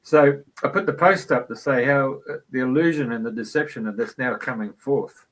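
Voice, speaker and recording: A man's voice: mid-range voice, moderate pace, a bit bright, low-quality recording. A man hosting a radio talk show, telling a casual anecdote in a chatty way. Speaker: radio host. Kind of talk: casual storytelling.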